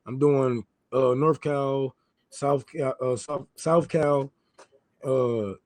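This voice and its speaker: A man's voice: mid-range voice, steady tone, slow, darkish tone, no echo. A man who is a guest on a talk show, speaking casually and loosely, with plenty of swearing. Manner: loose, profane, trailing off. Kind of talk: casual chat.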